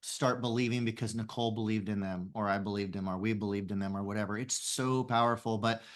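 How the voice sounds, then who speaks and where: A man's voice: lowish voice, fairly even intonation, fast talker. A man guesting on a podcast explains how his business works in an earnest, thorough way. He often restarts his sentences as he thinks aloud. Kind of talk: conversational interview.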